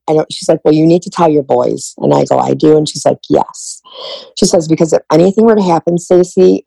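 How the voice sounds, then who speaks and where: A middle-aged woman shares her own story as a podcast guest, with a gravelly, low-pitched voice. She talks candidly and emotionally, slipping into the voices of the people she quotes. The sound is dry and close. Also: dark tone, dry recording, low-quality recording. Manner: emotional, candid, acts out past conversations. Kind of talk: personal storytelling in a podcast interview.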